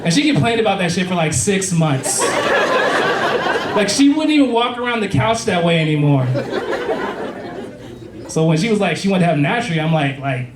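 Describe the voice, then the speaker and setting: A man in his thirties rambles through a crude, chatty stand-up set in a slightly high voice. He sounds distant in an echoey club, and loud audience laughter and noise fill the background. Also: lively intonation, moderate pace, long pauses. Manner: rambling, crude, conversational delivery. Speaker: stand-up comedian. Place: comedy club stage. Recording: echoey club, heard from afar, loud crowd.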